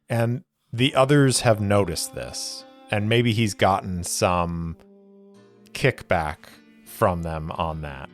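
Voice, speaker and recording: A man narrating a solo tabletop role-play as game master, in a measured, deliberate storytelling manner. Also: low-pitched. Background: faint music.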